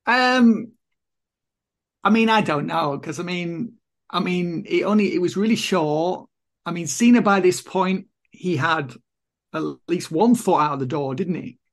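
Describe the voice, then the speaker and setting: A man co-hosts a casual wrestling podcast, giving opinionated takes that ramble through lots of "I mean". His voice sits somewhat higher than most men's. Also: unhurried. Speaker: podcast co-host.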